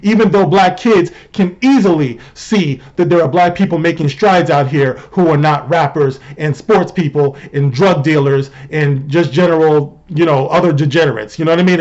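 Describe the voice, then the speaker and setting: Fairly high-voiced man giving opinion commentary. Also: moderate pace, few pauses, darkish tone, lo-fi sound. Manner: conversational, rhetorical, often asks "you know what I mean". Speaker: host and commentator.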